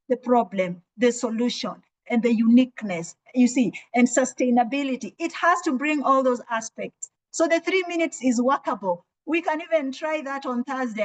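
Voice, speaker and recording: A woman's voice: on the high side, low-quality recording. A woman mentor on a webinar call, encouraging participants and telling how a rehearsal went. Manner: encouraging, tells a rehearsal story. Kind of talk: online webinar talk.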